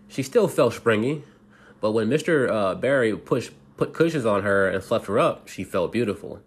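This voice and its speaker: A man with a low, slightly husky voice reads a bedtime story in a loose, casual way. He stumbles, restarts his sentences and chuckles at his own slips as he goes. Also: lively intonation. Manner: halting, restarts often, laughs at himself.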